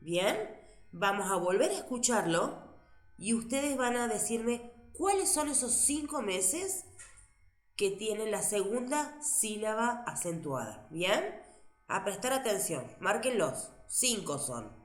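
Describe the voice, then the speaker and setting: A woman teaches English to a class. She talks slowly and patiently, echoing each answer back with a lively rise and fall. The room around her is echoey. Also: mid-range voice, soft background music. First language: Spanish. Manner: patient, repeats answers back, switches to Spanish to explain.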